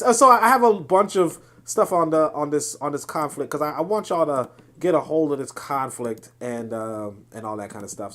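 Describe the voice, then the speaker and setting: A man's voice: mid-range voice, a bit bright. A man hosting a political livestream, reading viewer chat and commenting in a passionate, digressive way with frequent restarts.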